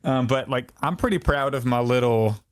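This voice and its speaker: A man's voice: mid-range voice, moderate pace. A man hosting a podcast in casual, easygoing chat, talking loosely with many fillers. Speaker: podcast host.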